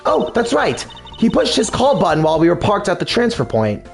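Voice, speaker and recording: A man's voice: high voice, huge pitch swings, fairly quick, gravelly, soft background music, exaggerated voice. A man voicing a lazy, half-asleep young female flight attendant who drawls and fills her speech with "like" and "uh".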